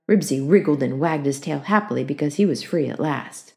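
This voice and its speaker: Expressive woman reading a children's story. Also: low voice, fairly quick, creaky. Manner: expressive storytelling with acted character voices. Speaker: narrator.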